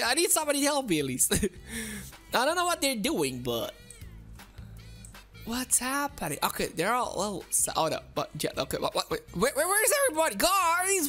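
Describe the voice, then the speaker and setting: A bright, excitable woman talks her way through a game in casual commentary, giggling as she goes. Her voice is high, with a lively, swooping range. Faint game music plays behind her. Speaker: gaming video creator.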